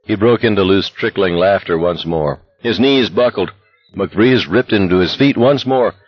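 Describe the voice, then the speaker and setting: A man narrating an audiobook in a steady, intense voice. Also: low-pitched, a little slow, no room sound, muffled recording. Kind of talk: scripted narration.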